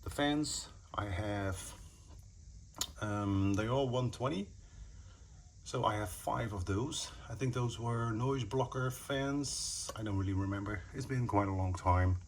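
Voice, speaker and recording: A man's voice: on the low side, unhurried, a little hiss or hum. Rambling man filming himself on a phone. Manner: rambling, hesitant, frequent fillers. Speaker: PC building vlogger. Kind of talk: casual self-filmed narration. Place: indoors at home, sitting on the floor. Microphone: handheld phone.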